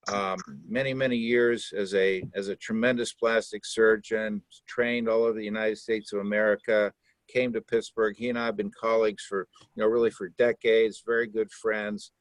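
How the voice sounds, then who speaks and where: A man hosting a conference call, introducing a guest haltingly with many fillers. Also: on the low side, level tone, dry recording. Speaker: host and physician.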